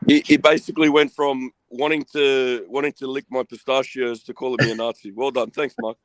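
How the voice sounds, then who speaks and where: A man's voice: mid-range voice, steady tone, brisk, noisy background. A man joining a livestream, stammering and joking along in casual banter. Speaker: livestream guest.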